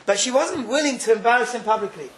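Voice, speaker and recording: A man giving an informal Torah class, telling stories in an animated way and laughing often. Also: extremely high pitch, quick pace, echoey room, poor audio. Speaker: Torah teacher.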